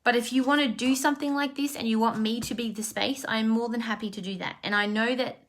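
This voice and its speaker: A woman's voice: a little high, steady tone, fast talker, slight background noise. A woman life coach talking live to her followers, heartfelt and rambling, with many fillers and restarts. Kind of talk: emotional live talk to followers.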